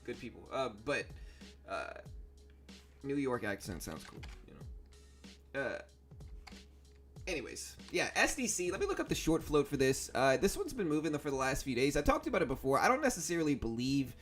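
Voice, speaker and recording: A young man from South Louisiana with a Southern accent, hosting a stock trading livestream in a relaxed, rambling way with many fillers. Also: medium pitch, moderate pace, faint music behind. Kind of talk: casual livestream chat.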